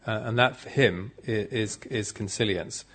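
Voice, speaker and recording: A man's voice: on the low side, moderate pace, fairly bright tone, a little hiss or hum. A man giving an informal, good-humored conference talk, chatting directly with the audience. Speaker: conference speaker.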